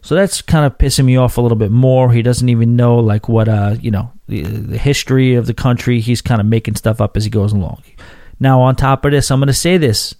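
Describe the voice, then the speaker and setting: A man from New York hosting a podcast, telling a travel story in an animated, profane rant full of restarts. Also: medium pitch, no echo, clean studio sound. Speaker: podcast host. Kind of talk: casual storytelling monologue.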